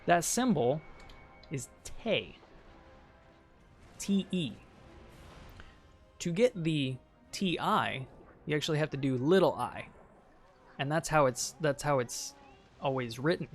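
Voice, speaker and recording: A man streaming a video game, casually ranting and insisting on his point, sometimes trailing off quietly. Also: on the high side, animated, a little slow, long pauses, faint music behind.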